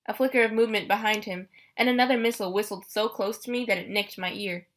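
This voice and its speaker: Bright-voiced woman narrating an audiobook. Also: medium pitch, fairly even intonation, fast talker, few pauses. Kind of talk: first-person audiobook narration.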